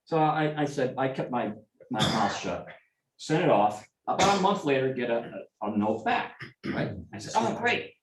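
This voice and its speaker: In an echoey meeting room, heard from a distance, a middle-aged man meanders through anecdotal stories for an informal club, restarting often and adding asides. His mid-range voice is sing-song at a normal speed, with a little hiss or hum in the recording.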